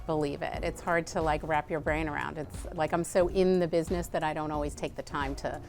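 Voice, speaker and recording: A woman's voice: low-pitched, steady tone, a little fast, darkish tone, faint music behind. A woman, founder of a food brand, talking earnestly as a guest in a TV interview and saying "like" often. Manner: earnest, chatty, says "like" often.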